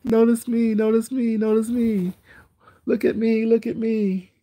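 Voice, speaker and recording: A man putting on the voice of a needy little pet chick that begs for attention, in a squeaky, pleading, repetitive way. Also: flat delivery, a little slow, warm tone.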